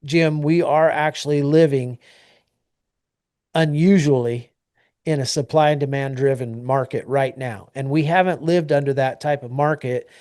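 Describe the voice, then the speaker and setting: A man's voice: medium pitch, fairly even intonation, unhurried, a little mellow, no echo, clean studio sound. A man co-hosting an agriculture news talk show, speaking in a plainspoken, rambling way with many fillers and restarts. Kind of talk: casual news discussion.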